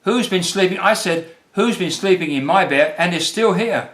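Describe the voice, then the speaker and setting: A man voicing a small boy bear cub in a storybook reading, squeaky and shrill. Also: normal speed, fairly bright tone. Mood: upset. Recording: roomy echo.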